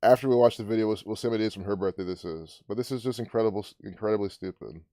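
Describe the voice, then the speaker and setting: A man's voice: fairly low pitch, racing, warm tone, no room sound. A man hosting his own commentary channel, talking casually and scornfully over a news clip, often sarcastic and laughing.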